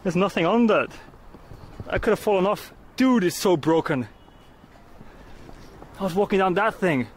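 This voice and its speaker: A man's voice: sits high, expressive, normal speed, pauses often. A man streaming outdoors, exclaiming and swearing in alarm as he walks. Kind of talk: casual live-stream reactions.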